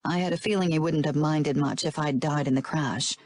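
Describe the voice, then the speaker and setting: Steady female audiobook narrator. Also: low-pitched, a little fast. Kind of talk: first-person audiobook narration.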